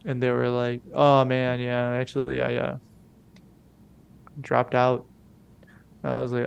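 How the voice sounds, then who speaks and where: A man's voice: medium pitch, completely flat delivery, takes it slowly, vocal fry, pauses often, smooth. A young man co-hosting a podcast, telling a rambling, profane story in casual slang and acting out the people he quotes. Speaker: podcast co-host.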